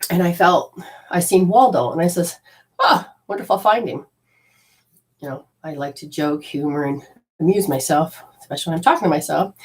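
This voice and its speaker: A woman, a spiritual teacher, telling a personal story in a lively way, acting out her own lines and swinging from loud outbursts to soft murmurs. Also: medium pitch. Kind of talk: storytelling talk.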